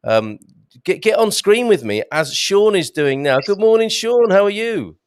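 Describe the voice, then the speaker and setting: A man's voice: high-pitched, sing-song, normal speed, smooth, no echo. Chatty man hosting a live stream. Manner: chatty, warm banter with viewers, stumbling restarts. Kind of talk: live stream chat reading comments.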